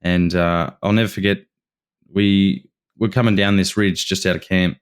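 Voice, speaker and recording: An Australian man tells a story on a podcast, his voice very deep and smooth. He speaks in a fairly flat tone and rambles eagerly, restarting his sentences as he goes. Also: normal speed. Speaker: podcast guest. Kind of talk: casual storytelling.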